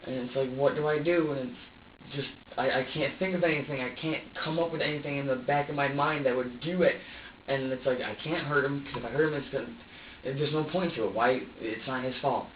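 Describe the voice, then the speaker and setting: A man's voice: medium pitch, steady tone, a little fast. A man in his twenties giving an agitated, profane and rambling police interrogation statement, full of restarts. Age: 20s. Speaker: suspect being interviewed. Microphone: room camera from a distance. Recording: roomy, distant, dull lo-fi with faint noise.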